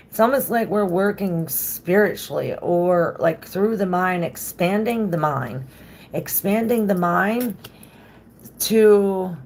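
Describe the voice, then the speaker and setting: A tarot reader does a casual reading, chatty and loose, cursing freely and stretching out her phrases as she reads the cards. Her voice is medium-pitched and gravelly, with a little hiss or hum in the recording.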